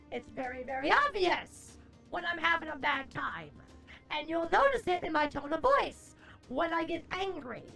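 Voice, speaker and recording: Brash, high-pitched woman streamer ranting. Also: gravelly, fairly bright tone. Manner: theatrical, playful. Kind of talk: casual live-stream chat with viewers.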